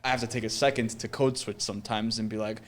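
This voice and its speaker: A young man hosting a casual interview, talking in a relaxed way with frequent fillers and easy laughs. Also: fairly low pitch, fast talker, very noisy. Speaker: host.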